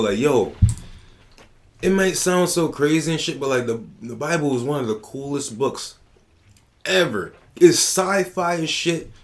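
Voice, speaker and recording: A man hosting a casual podcast who tells stories in an animated, slangy way, with lots of profanity. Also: mid-range voice. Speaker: podcast host.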